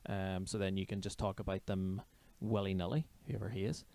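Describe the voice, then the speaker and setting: A man's voice: low-pitched, level tone, brisk, gravelly, dark tone. A young man, co-hosting a comedy podcast in playful, joking casual chat.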